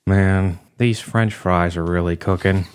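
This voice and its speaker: A man voicing a sad, dumpy, dweeby office man with a slow, mopey, deadpan delivery. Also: low voice, smooth.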